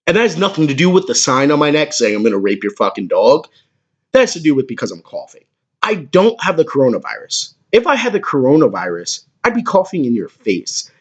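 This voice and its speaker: A man in his twenties hosting a comedic podcast, with a crude, excitable way of talking and a lot of swearing. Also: fairly high pitch, fairly quick, husky, muffled recording. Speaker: podcast host.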